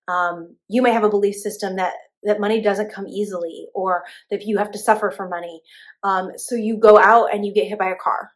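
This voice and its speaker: A young woman with an ordinary mid-range pitch teaches a spiritual class in a relaxed, chatty style. Her speech is loose and conversational, full of fillers and restarts.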